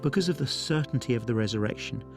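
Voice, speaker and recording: A man, a pastor, giving a scripted Bible teaching talk in an earnest, measured way with dramatic pauses. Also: mid-range voice, animated, vocal fry, music in the background.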